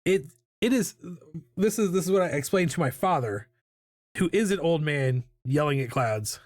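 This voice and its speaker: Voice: mid-range voice, expressive, normal speed, dry recording. An artist in their thirties chatting casually during a live drawing stream, rambling, repeating words and filling gaps with "like". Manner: chatty and self-deprecating, many fillers and repeated words, hums and laughs.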